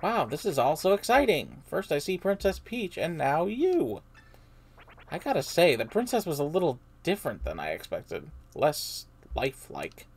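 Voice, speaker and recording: A woman voicing an eager young male mushroom minion who is a starstruck fan, talking loud and bubbly. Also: a bass voice, huge pitch swings, normal speed, few pauses, breathy edge, full character voice. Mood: excited.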